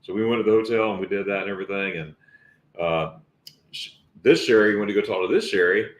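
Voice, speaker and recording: A man's voice: lowish voice, roomy sound. A man appearing as a guest on a casual livestream, telling a story and often repeating himself as he goes. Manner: storytelling, halting with many repeats.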